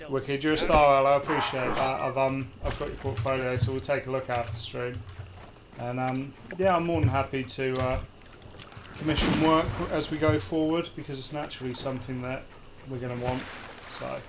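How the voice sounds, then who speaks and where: A woman's voice: very deep voice, steady tone, moderate pace, noisy background. A woman streaming a game, talking in a laid-back, hesitant way with lots of ums. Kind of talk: casual chat while gaming. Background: loud game music.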